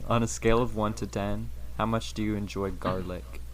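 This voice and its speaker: A young man co-hosting a podcast over a call, playful and quick to chime in. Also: fairly low pitch, fairly even intonation. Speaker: podcast co-host. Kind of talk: casual chat over a call. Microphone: call audio. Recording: noisy call line.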